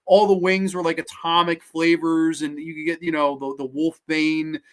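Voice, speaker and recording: Excited guy rambling about horror movies on a stream, stumbles and repeats words, swears a bit. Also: fairly high pitch, normal speed. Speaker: horror movie podcast host. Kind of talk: casual livestream chat, reading viewer comments.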